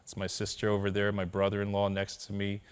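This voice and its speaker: A man's voice: on the low side, monotone, fast talker, clear, resonant tone. A man telling his personal story to a live audience in a keynote talk, with candid, self-deprecating humor, often checking in with the listeners. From Korea. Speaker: conference speaker.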